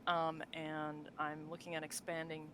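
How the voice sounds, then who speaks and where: A woman's deep, monotone voice comes through at a slightly slow pace against background noise. She co-hosts a relaxed podcast conversation on tabletop game lore, speaking loosely and chattily with many fillers, restarts, and frequent laughs.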